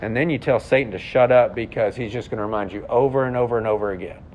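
A man's voice: quick pace, darkish tone. A man, a pastor, preaching a sermon in a conversational, confessional way, with rhetorical questions to his congregation. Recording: slightly muffled sound with faint rumble.

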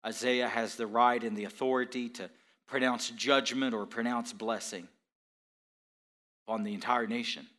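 A middle-aged man preaching a sermon, swinging from hushed questions to shouted climaxes and addressing the congregation with rhetorical questions. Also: mid-range voice, fairly even intonation, normal speed.

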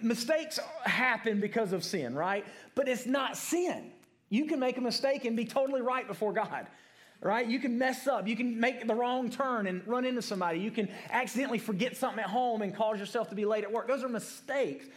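High-voiced man preaching, chatty and questioning. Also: fairly quick. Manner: asks the room questions, ends points with "right?"; repeats words and restarts often. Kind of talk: conversational sermon to adults.

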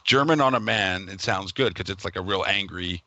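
A man's voice: sits low, normal speed, bright, forceful tone, no echo. A Canadian man co-hosting a podcast in casual chat, crude and swearing often. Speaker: podcast co-host. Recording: dull lo-fi sound.

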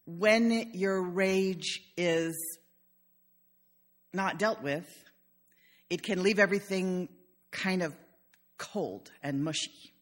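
A woman's voice: on the low side, slow pace, pauses often. An older woman pastor giving a conversational sermon in a church, telling stories with humor. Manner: warm storytelling with humor.

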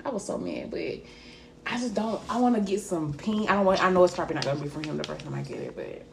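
A woman co-host talks openly and emotionally in loose, slangy chat. Her voice sits a little low but swings widely in pitch. The room gives it a noticeable echo. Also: huge pitch swings, fast, gravelly, slight background noise. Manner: candid, emotional, lots of slang. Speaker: podcast co-host. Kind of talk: casual chat.

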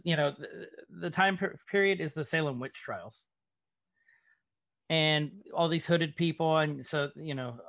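A man's voice: on the high side, fairly bright tone, dry recording. A man hosting a casual recap chat, rambling along with plenty of ums. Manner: chatty, rambling with many ums. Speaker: podcast host.

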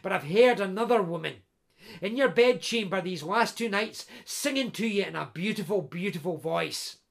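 A man's voice: high voice, animated, moderate pace, vocal fry. A man voicing a boisterous young best friend, jovial and chatty, nudging his friend along. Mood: jovial teasing.

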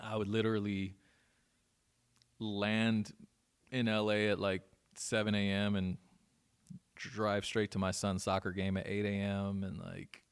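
Gravelly low-voiced man, loose and profane. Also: completely flat delivery, unhurried, pauses often. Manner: loose and profane, many restarts. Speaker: guest DJ. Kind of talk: casual chat.

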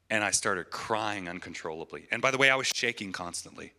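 A man's voice: lowish voice, expressive, a little fast, few pauses, bright, forceful tone. A man in his thirties giving an earnest, emotional testimony in a church sermon, often restarting his phrases. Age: 30s.

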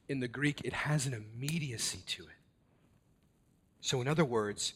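A man preaching a sermon with earnest, deliberate delivery and dramatic emphasis. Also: medium pitch, slightly rough.

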